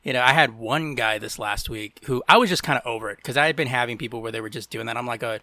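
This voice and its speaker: Male co-host, bright voice, dry sound, chatty and laughs easily. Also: medium pitch, quick pace, no room sound. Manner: laughs often, easygoing and chatty. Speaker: podcast co-host. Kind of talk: casual chat.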